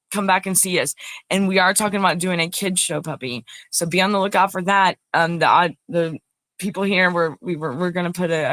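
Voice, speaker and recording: A woman's voice: fairly low pitch, a bit bright, no echo. A woman hosting a casual livestream, chatting in a rambling way and greeting viewers by name. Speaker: livestream host. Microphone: phone.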